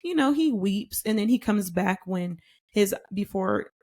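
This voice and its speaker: Woman, Bible study podcast host, conversational and emphatic, steady mid-range voice. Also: mid-range voice. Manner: conversational, emphatic, with slow deliberate scripture reading. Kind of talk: casual Bible study teaching.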